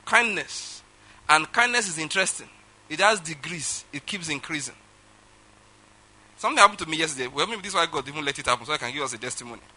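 A Nigerian English-accented pastor delivers a sermon in a very bright, ringing voice pitched a little above the usual for a man. He tells his story with animated swings between loud outbursts and soft, low asides. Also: quick pace.

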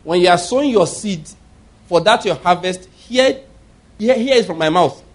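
A man's voice: high-pitched, lively intonation, moderate pace. A middle-aged man preaching a sermon, telling stories with emphatic repetition. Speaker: pastor.

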